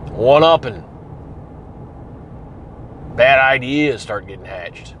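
A man's voice: mid-range voice, animated, moderate pace, pauses often, a little hiss or hum. A man telling a story in a blunt, profane, conversational way. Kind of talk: casual storytelling monologue.

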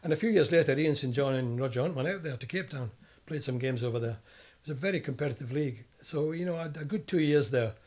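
Talking at a quick pace with few pauses, this older Scottish ex-footballer shares anecdotes in a storytelling interview. His voice is medium in pitch, and he animatedly acts out the people he's quoting.

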